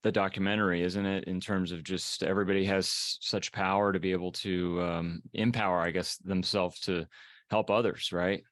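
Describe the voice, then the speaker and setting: A man's voice: low-pitched, flat delivery, moderate pace, fairly bright tone, dry recording, clean studio sound. A man hosting an interview, asking a hesitant, thinking-aloud question with fillers. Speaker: host.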